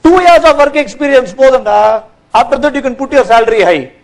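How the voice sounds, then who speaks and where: Man, high-pitched, workshop speaker on stage, lively, questions the audience. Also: fast, rough recording. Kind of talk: corporate training talk.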